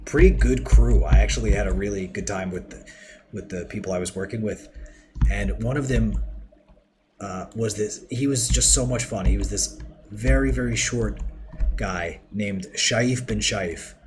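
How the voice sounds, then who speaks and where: A man's voice: lowish voice, moderate pace, music in the background. A man chatting casually through a game livestream, rambling and talking to his chat as he builds. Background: keyboard typing and mouse clicks.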